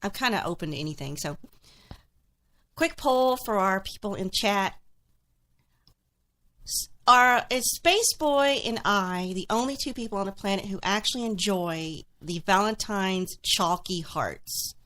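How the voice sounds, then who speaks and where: A woman's voice: medium pitch, animated, a little slow, a bit bright. A woman co-hosting a live show, chatty and casual, putting questions to the chat. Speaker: podcast co-host.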